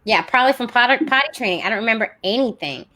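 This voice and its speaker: A woman's voice: a little high, expressive, racing, bright, forceful tone. A woman co-hosting a podcast in casual chat, enthusiastic and rambling, with frequent restarts. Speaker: podcast co-host.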